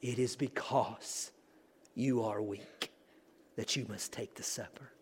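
A man voicing a gentle elderly pastor with a deep voice and a Scottish accent. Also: steady tone, takes it slowly, breathy edge. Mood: tender.

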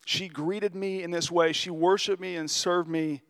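A male pastor voicing a calm, gentle teacher within a sermon retelling, speaking in measured quoted dialogue. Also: high-pitched, clear, resonant tone, big-room sound.

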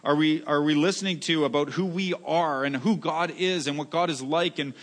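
A man's voice: fairly high pitch, steady tone, moderate pace. A man preaching a sermon as a pastor, earnest and repetitive, often restarting phrases and asking "right?".

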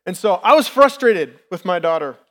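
A man's voice: high voice, expressive, moderate pace, fairly bright tone. A man in his thirties preaching a sermon in a candid, personal, conversational way as a lay preacher. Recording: long reverb from the hall.

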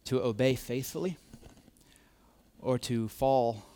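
A man's voice: mid-range voice, slow pace, dark tone. A man preaching a sermon, repeating key phrases, swelling to emphatic peaks and dropping to near whispers. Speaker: pastor.

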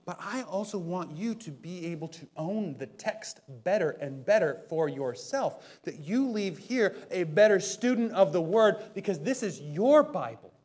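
A man in his thirties, a preaching pastor, giving a conversational sermon in church, moving from soft self-deprecating asides to loud, emphatic peaks. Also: high voice, expressive, measured pace, few pauses. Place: church sanctuary.

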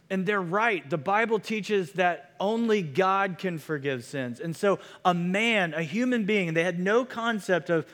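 Guy preaching in a church hall, kinda high voice, lots of "like" and "you know", big echo. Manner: conversational, animated preaching with many fillers. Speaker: pastor. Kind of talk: sermon. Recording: long hall reverb.

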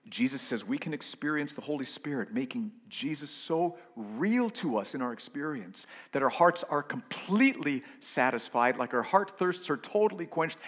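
A man preaching a sermon as pastor, earnest, rising to loud emphasis and dropping to hushed whispers. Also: fairly high pitch. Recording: long hall reverb.

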